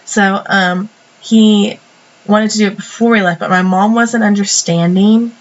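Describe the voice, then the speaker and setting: A woman's voice: mid-range voice, steady tone, unhurried, lo-fi sound. A young woman with a cold telling a story in a casual, rambling voice-over, full of fillers and restarts. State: sniffly from a cold. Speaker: planner vlogger.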